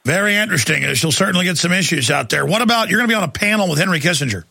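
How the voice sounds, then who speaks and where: A man's voice: high voice, lively intonation, racing, vocal fry, pushed and bright. A man hosting a talk show, bantering in a mocking, rambling, jokey way. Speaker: radio talk show host.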